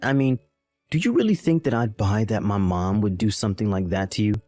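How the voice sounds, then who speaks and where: A man's voice: fairly low pitch, expressive, fairly quick, a little mellow, faint music behind, close to an everyday voice. A man playing a callous young husband in a dramatized text-message story, exasperated and blaming. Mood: dismissive.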